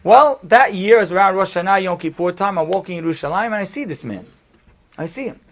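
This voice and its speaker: A man, a rabbi giving a class, telling a story in an animated way that swings from hushed to loud. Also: high voice, fast talker, faint music behind. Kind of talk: storytelling lecture. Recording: dull lo-fi recording.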